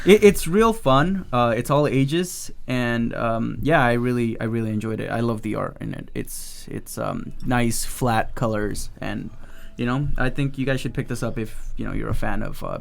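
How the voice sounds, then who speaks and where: A man's voice: mid-range voice, fairly even intonation, normal speed, gravelly. A man from Mexico co-hosting a comics podcast, talking casually and hesitantly with many ums. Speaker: podcast co-host. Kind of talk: casual chat.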